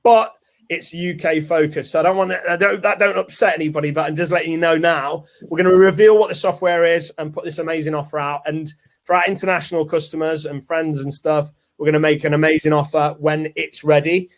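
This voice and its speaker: A man's voice: fairly high pitch, fairly even intonation, brisk. A man hosting a live product launch webinar, chatty and salesy. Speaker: webinar host.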